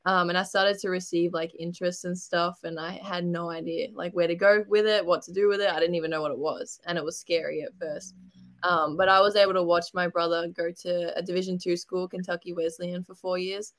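A young adult woman with an Australian accent, answering interview questions in a relaxed, open way. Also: lowish voice, brisk. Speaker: guest basketball player.

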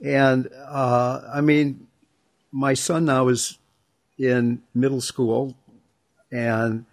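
A middle-aged man hosting a reflective conversation, speaking in a thoughtful, unhurried way and sharing personal stories. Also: medium pitch, level tone.

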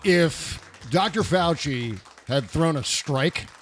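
A man's voice: a little high, lively intonation, slow pace, a bit bright, slight background noise. A man hosting a podcast in casual political comedy chat, sarcastic and riffing, close on a studio mic. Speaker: podcast host.

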